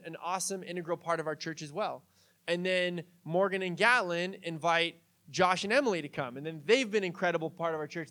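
High-voiced young male pastor, chatty sermon. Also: a bit bright. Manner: conversational, chatty with fillers and jokes. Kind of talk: casual storytelling sermon.

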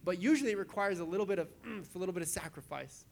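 A man preaching a casual, conversational sermon as a pastor, animated and chatty, acting out voices as he goes. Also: high-pitched, racing, creaky. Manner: animated, acts out quoted voices, chatty asides.

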